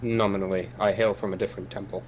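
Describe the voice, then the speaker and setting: A man's voice: sits low, level tone, fast talker, slight background noise, natural voice, rough recording. Man playing a solemn wandering monk. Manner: stiff, old-fashioned phrasing. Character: solemn wandering male monk, formal speech.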